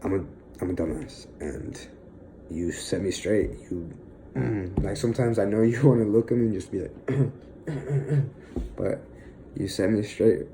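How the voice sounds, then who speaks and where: A young man in an emotional personal monologue, halting and filled with pauses, sighs and fillers, sounding close to tears. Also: on the low side, background noise. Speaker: vlogger.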